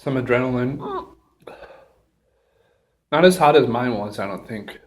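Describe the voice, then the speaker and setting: A man talking casually in a solo review vlog, halting with many ums and pauses, a bit out of breath, with a runny nose and a burning mouth. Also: medium pitch, darkish tone. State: slightly out of breath from pepper heat. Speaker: pepper reviewer.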